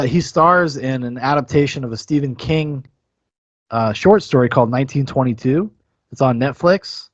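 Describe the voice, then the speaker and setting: Man, podcast co-host, animated pitch, rambling and enthusiastic, dull lo-fi sound. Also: no echo. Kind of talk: casual film review chat.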